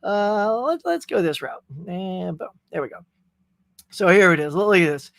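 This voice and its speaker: A man's voice: high-pitched, expressive, normal speed, vocal fry, a bit bright, no echo. A man hosting a casual live stream, chatting energetically and greeting viewers by name. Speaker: host. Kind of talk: casual livestream chat.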